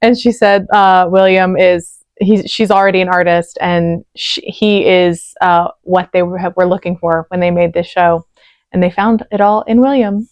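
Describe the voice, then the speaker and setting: Emotional and choked up, a woman hosts a reaction video close to the mic, chatting and gushing with frequent "like" fillers. Her voice is low, steady and darkish at a moderate pace, and the recording is dry.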